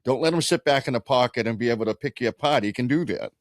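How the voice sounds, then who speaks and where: A man's voice: medium pitch, fast, no room sound. Chatty male podcast co-host, dry sound. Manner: rambling, laughs often, loose profane analysis. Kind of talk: casual sports chat.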